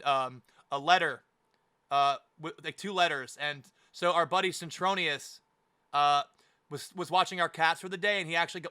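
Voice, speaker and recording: Bright-voiced young man, relaxed. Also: on the high side, clear, resonant tone. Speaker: channel host. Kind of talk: casual chat.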